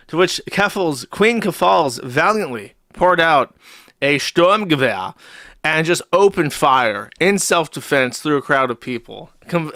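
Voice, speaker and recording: A man riffs sarcastically on a livestream in a bright, forceful voice that sits a little high. His tone is mocking and sardonic, with frequent swearing. The recording is close and dry. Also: no echo. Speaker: livestream host.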